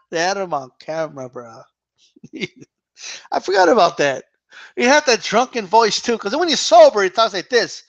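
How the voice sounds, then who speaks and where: Male boxing-stream host, high voice, laughs a lot, slangy and casual. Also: sing-song, normal speed, muffled recording. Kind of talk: casual chat reading viewer questions.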